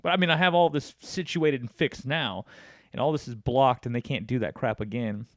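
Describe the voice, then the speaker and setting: A man hosting a relaxed conversation, spinning stories and playing every part of the calls he retells. His pitch sits in an ordinary middle range. The sound is dry and close, with almost no room echo. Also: normal speed. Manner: animated storyteller acting out both sides of phone calls. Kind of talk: casual chat.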